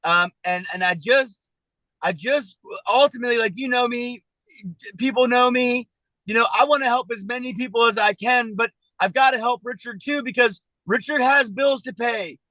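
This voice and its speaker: A man with a high, bright and forceful voice talks haltingly on a video call, restarting his sentences often. He sounds earnest and emotional, close to tears. The sound is dry and close. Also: no echo, poor audio. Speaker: citizen journalist being coached. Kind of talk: emotional personal talk on a coaching call.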